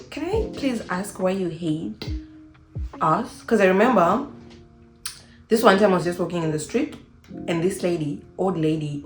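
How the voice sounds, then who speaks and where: A young woman from Zimbabwe talking casually to camera in an unscripted vlog, animated and acting out the voices of people she quotes. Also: low voice, echoey room. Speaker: vlogger.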